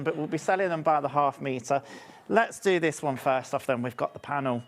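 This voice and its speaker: A man, hosting a live TV shopping show in a studio with upbeat, chatty sales patter. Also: sits high. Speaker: shopping channel presenter.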